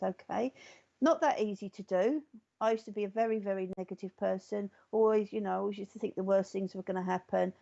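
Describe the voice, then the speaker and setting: A woman's voice: mid-range voice, steady tone, brisk, vocal fry, warm tone, lo-fi sound. A woman psychic medium giving a live reading in a reassuring way, often checking in with the listener. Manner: reassuring, often checks in with "okay?" and "all right?".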